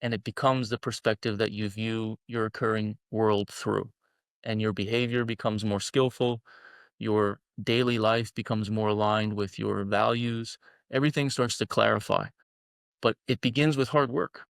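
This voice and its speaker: Appearing as a guest in a podcast interview, the founder of a men's collective makes his points bluntly and with emphasis, cursing freely. His lowish, clear, resonant voice has vocal fry, fairly even intonation and normal speed, captured in clean studio sound with no room sound.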